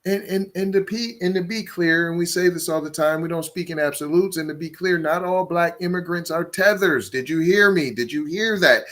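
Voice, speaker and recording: A man's voice: on the high side, moderate pace, few pauses, a bit bright. A man hosting a solo podcast, talking emphatically, repeating words and stacking rhetorical questions. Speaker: podcast host.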